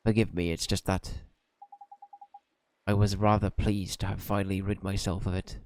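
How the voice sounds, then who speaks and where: A man's voice: low-pitched, level tone, moderate pace, darkish tone, a little hiss or hum. A man reading the lines of an older male peddler in a stiff, formal, hesitant way.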